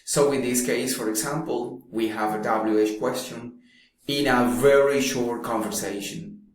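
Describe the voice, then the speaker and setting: A man teaching pronunciation in a slow, deliberate way, pausing often between phrases. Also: mid-range voice, steady tone. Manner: slow, deliberate, drawn-out speech with long pauses. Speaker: English teacher. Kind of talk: slow explanatory lesson. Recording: very echoey room.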